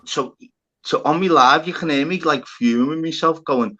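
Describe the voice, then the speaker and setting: Brief: man, livestream host, bright and lively tone, swears freely, acts out every back-and-forth as he goes. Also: fairly high pitch, normal speed, dull audio. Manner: swearing, animated, acts out both sides of conversations. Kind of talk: casual storytelling chat. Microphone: phone on a live stream panel.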